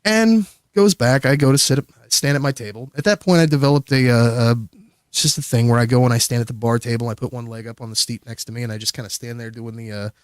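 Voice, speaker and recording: A man's voice: medium pitch, steady tone, fast, clean tone, dry recording, clean studio sound. A man casually telling a long, rambling, profane story as a guest on a livestream. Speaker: streamer guest.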